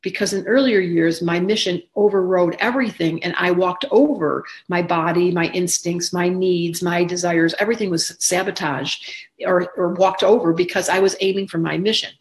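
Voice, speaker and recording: This sixty-something astrologer and teacher talks informally to her viewers in a loose, expressive manner, voicing the people she quotes. She has a lowish voice and talks at a normal speed.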